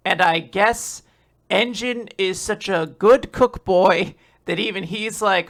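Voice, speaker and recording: A woman's voice: mid-range voice, a bit bright. A woman co-hosting a manga podcast, recapping chapters in casual, jokey chat with frequent laughs over a remote call. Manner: jokey, laughs often, quick asides.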